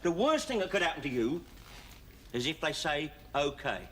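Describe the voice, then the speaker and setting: Fletcher, a cocky convict. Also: male voice, a little high, sing-song, moderate pace, fairly bright tone. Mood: coaxing. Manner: chatty, streetwise, coaxing. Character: wry cocky middle-aged London convict. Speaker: prisoner. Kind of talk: 1970s TV sitcom acting.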